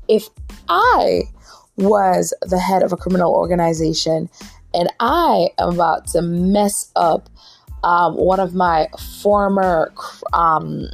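A woman hosting a podcast, recapping a drama episode in casual chat, tired late at night, animated and laughing often. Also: medium pitch. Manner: animated, laughs often, acts out characters' lines.

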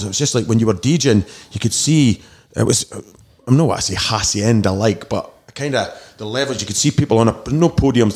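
A Scottish man in his forties, a DJ telling rambling, animated stories in a casual interview and mimicking shouts. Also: lowish voice. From Scotland. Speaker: DJ guest.

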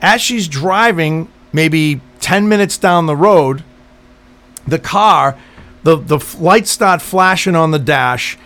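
A man with a slightly high voice tells a story in loose, profane chat. He gets animated and rattles off the quoted lines fast, then drops back to a plain narrating tone. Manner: animated, profane, acts out quotes in quick bursts. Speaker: podcast co-host telling a story.

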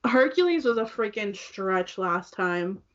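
A woman's voice: mid-range voice, expressive, unhurried, fairly bright tone. A young woman co-hosting a casual makeup chat, talking loosely with lots of "like" fillers, on a dull lo-fi recording. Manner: chatty, fillers of "like" throughout. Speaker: co-host.

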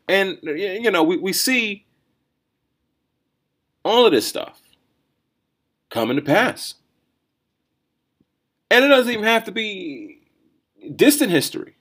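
A man hosting a solo podcast, riffing in a rambling, think-out-loud way with lots of restarts and "right?" tags. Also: high voice, very animated, measured pace, pauses often. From New Jersey or New York area, USA. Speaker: podcast host. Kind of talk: casual solo commentary.

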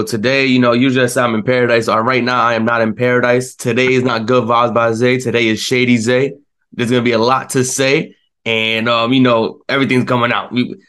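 A young man co-hosting a sports talk show, ranting in a frustrated, animated way, with many fillers. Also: medium pitch. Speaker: sports podcast co-host.

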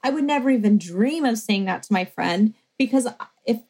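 A woman's voice: a little high, lively intonation, normal speed, dark tone, husky, low-quality recording. A woman co-hosting a podcast, chatting casually and animatedly, with lots of fillers and quoted self-talk. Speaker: podcast co-host. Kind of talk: casual chat.

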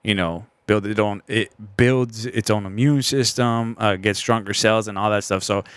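Laid-back young man, smooth clear voice. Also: on the low side, fairly even intonation, normal speed, dry recording. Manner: laid-back, swears freely, laughs often. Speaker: podcast co-host. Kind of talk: casual chat.

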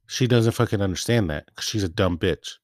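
A man's voice: fairly low pitch, a little fast, no room sound, clean studio sound. A young man venting about work in a casual rant, swearing and retelling back-and-forth exchanges. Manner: profane, heated, retells quoted exchanges. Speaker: part-time bakery packager.

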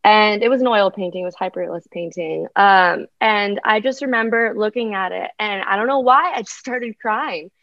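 A woman's voice: mid-range voice, normal speed, hardly any pauses, fairly bright tone, no echo. Chatty woman artist on a muffled dry line. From United States. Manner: chatty, many ums and likes, laughs often. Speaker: artist guest. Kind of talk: casual interview chat.

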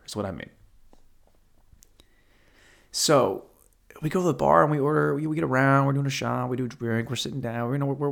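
A man's voice: medium pitch, vocal fry, fairly bright tone. Male stand-up, storytelling; foul-mouthed, digressive, self-mocking. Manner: profane, rambling, self-deprecating. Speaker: stand-up comedian.

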